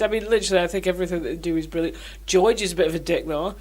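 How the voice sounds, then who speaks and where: A woman, co-hosting a casual chat podcast and telling animated, laughing stories. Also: fairly low pitch, racing. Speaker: podcast co-host.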